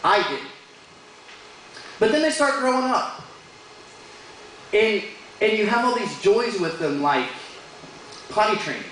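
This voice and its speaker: A high, expressive voice with a bit of brightness moves unhurriedly through long pauses as this man does stand-up in a bar, telling comic stories about his children in silly voices. The very echoey room carries crowd ambience plus a little hiss or hum.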